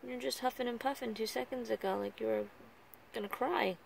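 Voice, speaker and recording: A woman with a slightly high, gravelly voice talks softly and teasingly, coaxing someone who is sulking. She is outdoors at a beach, and a faint hum of open-air ambience sits behind her. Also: brisk, rough recording. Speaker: vlogger. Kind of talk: casual talk to a pouting child.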